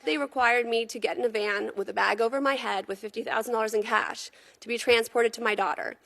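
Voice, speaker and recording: A mother giving testimony, reading a prepared statement in an earnest, measured way. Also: on the high side, steady tone, vocal fry, a bit bright.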